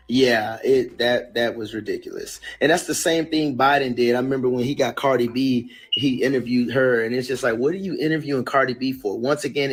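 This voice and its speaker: Casually dismissive man commenting. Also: mid-range voice. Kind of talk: opinion commentary.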